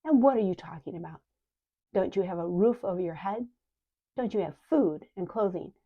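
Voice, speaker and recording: A woman's voice: mid-range voice, animated, moderate pace. A woman voicing an arrogant, ambitious man who speaks in a sing-song, commanding way. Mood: indignant. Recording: dull lo-fi recording.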